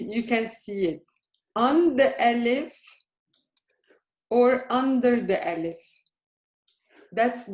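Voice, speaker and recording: A woman teaching a beginners' language class, speaking slowly and carefully. She keeps checking in with her students, and the room around her rings with echo. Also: a little high, a little mellow. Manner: patient, questioning, checks understanding often. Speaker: Arabic teacher. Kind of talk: live beginner language lesson. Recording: echoey room.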